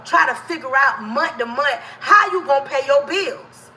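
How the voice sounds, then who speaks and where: High, bright-voiced woman preaching to viewers. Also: expressive, moderate pace, hardly any pauses, far from the mic, slight background noise. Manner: emphatic, preachy, sometimes shouting at viewers; casual colloquial speech, addresses viewers as y'all and baby. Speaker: livestream host giving life advice. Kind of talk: motivational straight talk to viewers. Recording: echoey room, voice a bit off-mic.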